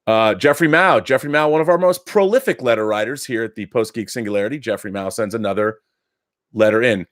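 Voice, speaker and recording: Middle-aged guy rambling excitedly on his live stream, dry close sound, lots of restarts. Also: on the low side, fairly quick, no echo. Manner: chatty, enthusiastic, frequent restarts and fillers. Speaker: live show host reading viewer letters. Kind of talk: casual live-stream chat.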